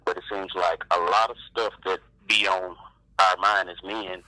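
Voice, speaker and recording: A man calling in to a live show, talking in a halting way with many fillers. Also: low-pitched, fairly even intonation, no room sound. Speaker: caller. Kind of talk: casual phone-in chat. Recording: dry, bright phone line.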